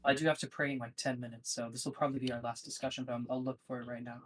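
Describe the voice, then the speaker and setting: A man's voice: mid-range voice, little pitch movement, rapid-fire. A man calling into a live-streamed debate, answering in short, matter-of-fact replies. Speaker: debate caller.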